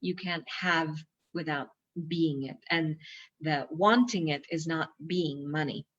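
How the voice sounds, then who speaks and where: A woman teaching personal growth, reading from a workbook and adding casual, digressive commentary with fillers and quick asides. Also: sits low, fairly bright tone. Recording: dull lo-fi recording.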